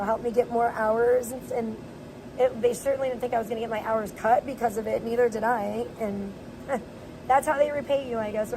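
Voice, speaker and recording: A woman's voice: on the high side, noisy background. A woman livestreaming casually, venting in a rambling way with many fillers as she moves from outdoors into her home. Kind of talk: casual IRL livestream chat. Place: outdoors then moving indoors at home.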